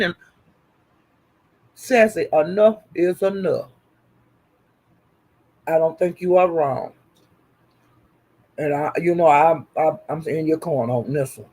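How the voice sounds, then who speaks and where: A man giving animated, profane livestream commentary, repeating phrases for emphasis. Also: fairly high pitch, measured pace, pauses often. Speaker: online commentator.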